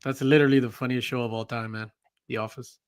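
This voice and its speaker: A man's voice: medium pitch, level tone, fast, clean tone, no room sound, studio quality. A tired man hosting a casual panel chat, joking around, swearing freely and laughing a lot. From half Italian, half Puerto Rican. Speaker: podcast host.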